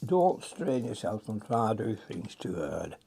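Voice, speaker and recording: A man's voice: lowish voice, very animated, unhurried, gravelly, warm tone, a little hiss or hum. An older man, chatting and muttering to himself as he demonstrates a watercolour painting.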